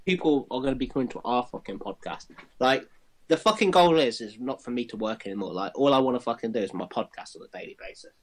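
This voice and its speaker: A man's voice: medium pitch, expressive, fast. A man co-hosting a podcast in casual chat, swearing freely and plugging the show. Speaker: podcast co-host.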